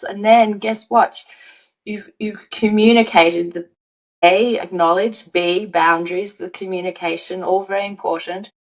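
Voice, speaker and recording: A woman's voice: on the high side, rough recording. An earnest woman in the role of an emotional-wellbeing coach, guesting on a podcast to give a motivational teaching talk. She leans on key words and repeats them for emphasis. She slips into the voices of example speakers as she explains.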